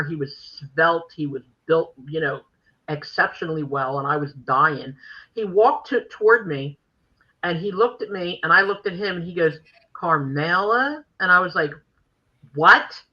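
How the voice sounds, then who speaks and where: An older woman hosting a podcast, telling stories in a brash, animated way and acting out the quotes in casual chat. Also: fairly low pitch, fairly quick, lo-fi sound. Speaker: podcast host.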